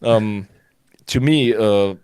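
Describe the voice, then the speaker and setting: A man's voice: fairly low pitch, extremely slow, a little mellow, clear, resonant tone, no echo, clean studio sound. A man with a German accent chatting casually, hesitating with many fillers, swearing and laughing. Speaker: guest, German teacher living in Switzerland. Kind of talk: casual podcast chat.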